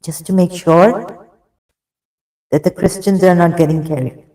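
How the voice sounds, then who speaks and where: On a live stream, a man excitedly reads religious passages aloud and reacts, often breaking off to apologize, cough, and restart, short of breath. His voice is high and a little slow. The audio is off-mic with a roomy echo.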